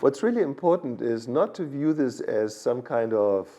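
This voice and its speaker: A man's voice: medium pitch, animated, normal speed, mellow. A man with a German accent, a guest expert explaining a topic in a podcast interview, in a lecturing way that keeps checking in with "okay?". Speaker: animal science expert guest.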